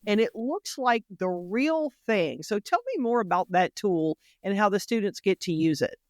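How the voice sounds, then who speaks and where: Expressive woman podcast host. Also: medium pitch, moderate pace, no echo, studio quality. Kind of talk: podcast interview. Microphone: podcast microphone.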